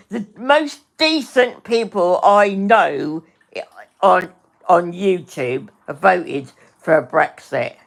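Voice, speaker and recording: Woman, middle-aged, livestream host, slow deliberate delivery, angry sweary rant, repeats herself, talks to chat. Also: fairly low pitch, animated, vocal fry.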